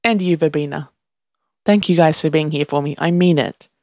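A narrator reading the lines of a kind, earnest man in a gentle, sincere tone. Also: medium pitch, moderate pace, no room sound, natural voice. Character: kind, earnest male time traveler.

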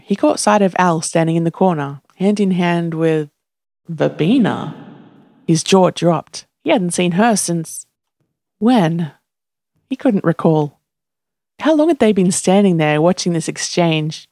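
A narrator reading a story aloud in a steady, even voice, doing every character themself. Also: medium pitch, no room sound, clean studio sound. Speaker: audiobook narrator.

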